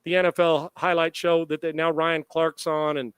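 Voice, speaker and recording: Man telling a story, fairly high voice. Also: normal speed, clear, resonant tone, dry recording. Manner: animated anecdote-telling with quoted dialogue and profanity. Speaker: sports talk show co-host. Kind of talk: casual storytelling on a live sports show.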